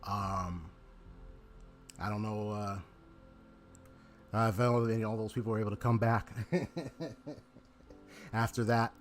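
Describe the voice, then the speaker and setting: A man's voice: fairly low pitch, slow pace, long pauses, soft background music. A man chatting casually to his live-stream viewers, rambling with lots of fillers and restarts, on a desk microphone at his home gaming setup.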